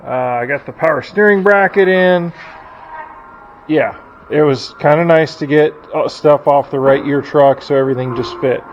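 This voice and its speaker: This man's voice runs on the high side at a normal speed. He's a hobby mechanic working on an old truck in his garage, chatting casually and joking about himself as he goes, captured in dull lo-fi audio with faint noise and logging machinery next door.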